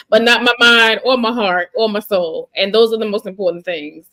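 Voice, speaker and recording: A woman hosting a casual interview, reflective and slow when she asks questions. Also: mid-range voice, fairly bright tone. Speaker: host.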